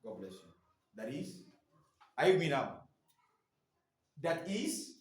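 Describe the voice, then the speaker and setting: A man's voice: fairly high pitch, very animated, normal speed, pauses often. A man teaching staff in a training session, leaving his sentences open for the class to finish. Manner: quizzing listeners with fill-in questions. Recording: echoey room.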